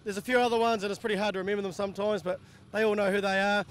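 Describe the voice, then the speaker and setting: Fast, flat-voiced New racer. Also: male voice, high voice, smooth. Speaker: sidecar racer. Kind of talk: casual trackside interview.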